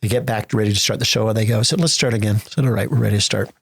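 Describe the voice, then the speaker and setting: A middle-aged American man, a theater festival executive, telling lively stories in a podcast interview and acting out the voices he quotes. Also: lowish voice, rapid-fire, creaky, slightly rough, no room sound. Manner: animated storyteller acting out quotes.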